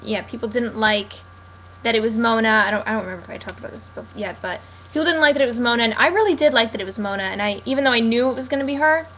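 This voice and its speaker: A young woman chats loosely and with dry sarcasm, filling her pauses with lots of ums. Her voice sits a little high and sounds bright. A faint hiss runs under her talk. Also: low-quality recording. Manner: chatty, sarcastic, many fillers. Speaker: TV recap vlogger. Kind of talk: casual rambling commentary.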